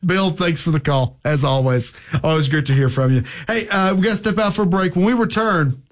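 A man's voice: a little high, a little fast. A man hosting a morning sports radio show, chatting casually and arguing his opinions with a caller from a studio mic. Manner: opinionated, argumentative. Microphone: studio microphone.

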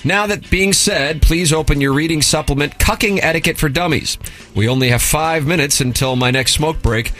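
A man's voice: fairly high pitch, normal speed, fairly bright tone, soft background music. A man hosting a radio show, reading listener emails aloud with a sarcastic, mock-formal delivery.

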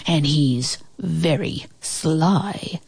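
A woman voicing an eager young male farm dog who shouts as he chases a thief in a storybook reading. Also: medium pitch, unhurried, no room sound. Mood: earnest. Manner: excited barking shouts.

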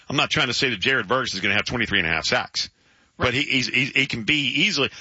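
A man hosting sports talk radio, animated and jokey, slipping into playful quoted voices. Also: mid-range voice, slightly rough, no echo. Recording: dull dry lo-fi studio sound.

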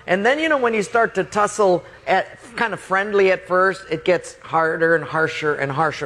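Animated storytelling preacher man. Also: high-pitched, a little hiss or hum. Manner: animated storyteller, acts out voices, laughs often. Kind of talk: storytelling sermon.

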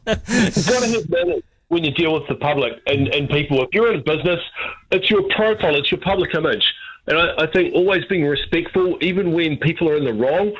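Husky New Zealand caller on a phone line. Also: male voice, fairly high pitch, animated, a little fast. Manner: rambling, chuckling storyteller. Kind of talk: phone-in call.

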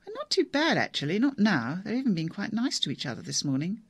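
A woman's voice: mid-range voice, huge pitch swings, fast, husky, no room sound, pitched above the performer's own voice, full character voice. A narrator voicing a harried woman who looks after her difficult father, her voice rising as she loses patience. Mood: relieved. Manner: exasperated, raised voice.

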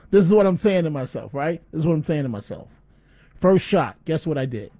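Host, male, fairly high voice, lively storyteller on radio. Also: brisk. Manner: animated storyteller.

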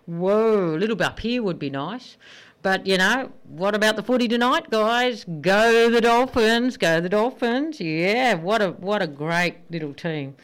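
A woman's voice: medium pitch, moderate pace, fairly bright tone. Chatty Australian woman radio DJ. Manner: chatty, upbeat. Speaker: radio host. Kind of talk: casual radio DJ chat.

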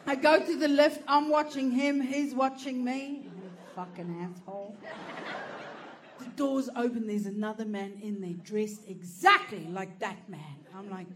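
A woman's voice: on the high side, unhurried, slight background noise. A woman doing stand-up, telling a story animatedly, swearing and laughing through it. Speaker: stand-up comedian.

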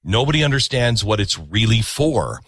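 Animated talk show host. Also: male voice, on the low side, moderate pace, slightly rough. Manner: animated, emphatic, repeats himself. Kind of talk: opinionated monologue.

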